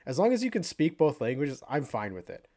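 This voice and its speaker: A man co-hosting a sports podcast, talking in a rambling, animated way with lots of fillers. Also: medium pitch, fairly quick. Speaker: podcast co-host. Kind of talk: casual sports chat.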